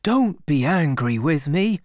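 A man voicing an earnest young shepherd farmer who gently pleads his love, in a slow, lively storybook reading. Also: a little high, dry recording, studio quality. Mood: earnest pleading.

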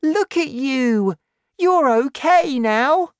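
A woman's voice: a little high, big pitch swings, slow, dry recording, pitched above the performer's own voice. A woman voicing a kind, eager young boy in a storybook reading, calling out anxiously.

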